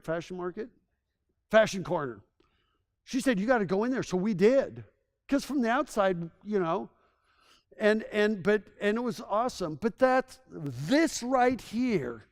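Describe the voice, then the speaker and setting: A man with a noticeably high voice presents to a room of locals. He tells his stories with gushing enthusiasm, rambling and restarting his sentences as he goes. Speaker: presenter giving a town assessment. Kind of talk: live presentation to a local audience.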